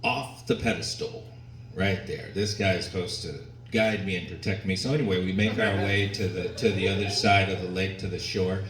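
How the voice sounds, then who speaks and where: A man doing a stand-up set, telling stories slowly and deliberately, pausing for the crowd's laughter. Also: deep voice, fairly even intonation, a bit bright. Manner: slow, deliberate storytelling with pauses for audience laughter. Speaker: stand-up comedian. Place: comedy venue with a live audience. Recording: echoey room recorded from a distance, noisy. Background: audience laughter and room ambience.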